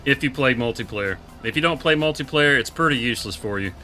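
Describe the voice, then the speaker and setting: A man's voice: medium pitch, quick pace, bright, forceful tone, faint music behind. A man, streaming a farming game and chatting casually with laughs and country phrasing. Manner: laid-back, laughing, drawling country talk. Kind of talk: casual live gameplay chat.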